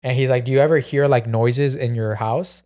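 A man's voice: mid-range voice, steady tone, normal speed, a little mellow. A man telling a long story in casual podcast chat, full of "like" and "bro". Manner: rambling, peppered with "like" and "bro". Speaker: podcast co-host.

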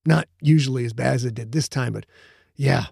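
A man doing a quiet, guarded young athlete. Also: medium pitch, a little fast, gravelly, husky, dry recording, studio quality. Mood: subdued. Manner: quiet, clipped. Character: young man, guarded, grieving football player. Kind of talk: audiobook narration.

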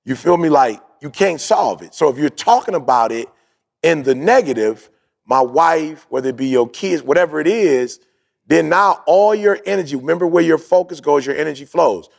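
Gravelly man telling a story animatedly. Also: a little high, moderate pace. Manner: animated storyteller, acts out quoted dialogue; uses street slang, "yo, bro". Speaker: podcast co-host. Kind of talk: casual chat.

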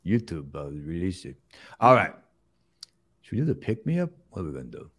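A man playing a middle-aged tough-guy movie star who rambles in halting, mumbled restarts on a comedy show. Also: low-pitched, sing-song, a bit bright, slightly rough, full character voice. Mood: rambling. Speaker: comedy sketch host. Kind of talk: improvised comedy impression.

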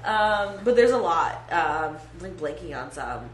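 A woman with a fairly low voice chats casually on a podcast, giggling often and slipping into quoted catchphrases. The room has an audible echo and a faint hiss sits under her voice. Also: sing-song, a little slow. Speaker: podcast co-host. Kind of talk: casual chat.

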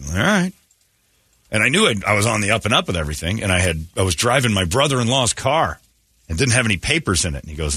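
A man hosting a morning radio show, telling stories in animated casual banter. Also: lowish voice, fast talker, breathy edge, no room sound, clean studio sound. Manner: animated storytelling with quoted voices.

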